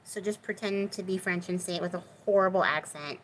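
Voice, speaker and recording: A woman's voice: on the low side, a little fast, a little hiss or hum, rough recording. A woman hosting a crafting video, chatting casually and with self-deprecating humor as she works in her home craft room. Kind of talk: casual crafting chat while working.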